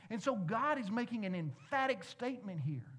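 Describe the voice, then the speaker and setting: A man's voice: high voice, sing-song, moderate pace, fairly bright tone. A man, a pastor, giving a conversational sermon, asking the congregation questions with playful asides.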